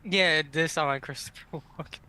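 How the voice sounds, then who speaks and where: A man's voice: on the high side, fairly quick, a loud crowd. A man playing in a tabletop game, laid back, chuckling between words. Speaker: player. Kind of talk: casual tabletop play.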